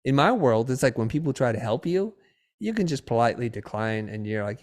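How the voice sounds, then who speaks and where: Middle-aged male guest, animated storyteller acting out dialogue. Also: medium pitch, brisk. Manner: lively storyteller who acts out quoted dialogue. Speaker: podcast guest, designer and educator.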